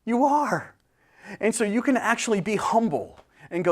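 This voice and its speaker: A man preaching a sermon as pastor, swinging from loud bursts to hushed whispers. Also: sits high, lively intonation, moderate pace. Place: church sanctuary.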